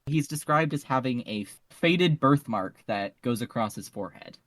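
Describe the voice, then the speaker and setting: Eager, animated man on a podcast. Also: medium pitch, normal speed, no echo. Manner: eager, animated, laughs easily. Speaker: podcast co-host. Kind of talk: casual podcast discussion.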